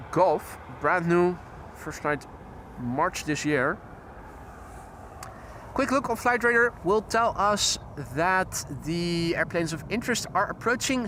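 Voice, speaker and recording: A man's voice: high-pitched, pushed and bright, slight background noise. A Dutch man hosting a live plane-spotting stream outdoors, chatting precisely about arriving flights and correcting his own wording. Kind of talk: live commentary with chat greetings. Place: outdoors by an airport runway.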